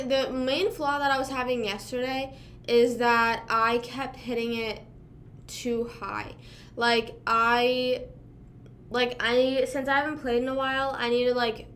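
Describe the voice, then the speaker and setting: A woman's voice: fairly high pitch, fairly bright tone, slight background noise. A young woman from Pennsylvania chatting casually with live viewers, rambling and self-deprecating, full of fillers. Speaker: livestream host.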